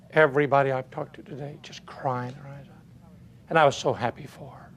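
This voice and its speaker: A man's voice: mid-range voice, a little fast, husky. An older man giving a motivational speech, telling folksy stories and asking his audience rhetorical questions. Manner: animated, folksy storytelling with rhetorical questions and chuckles. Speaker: motivational speaker.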